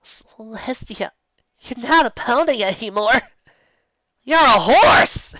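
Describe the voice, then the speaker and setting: A woman voicing an emotional, overwhelmed adult woman with breathless, high exclamations, recorded dull and lo-fi. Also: expressive, moderate pace, a bit bright, no room sound.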